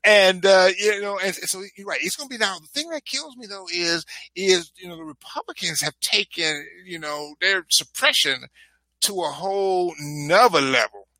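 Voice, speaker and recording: Man, high and very bright voice, animated joking co-host, dry close sound. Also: normal speed, dry recording. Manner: animated, joking, repeats words. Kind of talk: casual political chat.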